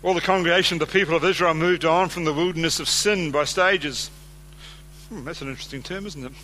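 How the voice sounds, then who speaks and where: Man, preacher, sermon, reads scripture, chatty questions to listeners, bright tense tone. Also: on the high side, fast talker, a little hiss or hum. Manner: conversational, asks the listeners questions.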